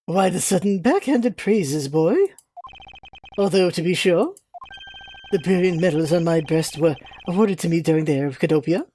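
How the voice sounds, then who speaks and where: A woman's voice: lowish voice, normal speed, warm tone, a little hiss or hum, lightly acted. A woman voicing an arrogant elderly male ambassador and former soldier, smug and condescending as she reads game dialogue aloud.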